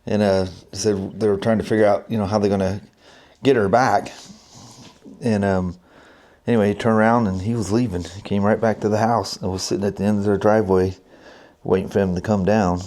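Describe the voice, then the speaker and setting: A man's voice: on the low side, steady tone, brisk, darkish tone. A middle-aged man vlogging casually, telling a family story in a rambling way with lots of fillers and restarts.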